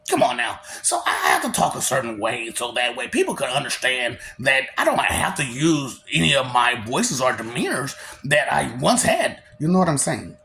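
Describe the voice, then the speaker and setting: A man's voice: mid-range voice, sing-song, normal speed, creaky, few pauses, pushed and bright, a little hiss or hum. A man giving a rambling solo monologue in a manic, taunting way, breaking into cackles between lines. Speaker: vlogger.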